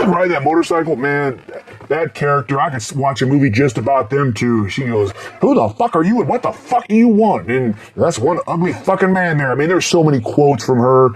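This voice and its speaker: Foul-mouthed middle-aged man rambling about movies. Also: fairly high pitch. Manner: profane, rambling, bursts into loud laughs and shouts. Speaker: horror movie reviewer. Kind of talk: casual rambling movie review.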